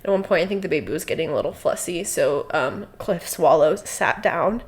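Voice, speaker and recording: A woman's voice: fairly low pitch, animated, a little fast. A woman co-hosting a podcast, chatting casually with many fillers and bursts of laughter. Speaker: podcast co-host. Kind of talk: casual chat.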